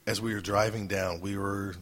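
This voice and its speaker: A man's voice: on the low side, steady tone, moderate pace, fairly bright tone. A man co-hosting a podcast, telling jokey stories in rambling casual chat. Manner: rambling, jokey storytelling with fillers. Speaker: podcast co-host.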